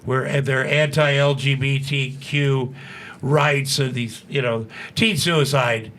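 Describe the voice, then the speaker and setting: A man in his sixties telling a story as a studio guest, profane and animated, acting out what people said. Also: mid-range voice. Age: 60s. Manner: profane, animated, fast-talking storyteller who acts out quotes. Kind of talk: casual storytelling.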